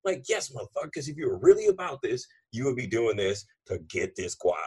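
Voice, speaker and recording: A man's voice: fairly low pitch, fast talker, gravelly, slightly rough. A man hosting a podcast, talking in a casual, emphatic way full of slang and swearing. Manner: animated, emphatic, profane slang. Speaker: podcast host. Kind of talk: casual conversation.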